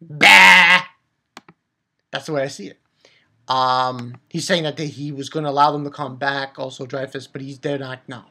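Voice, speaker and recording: A woman giving an excited, rambling recap of a manga chapter, swearing freely and restarting her sentences. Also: very deep voice, fairly quick. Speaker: manga reviewer.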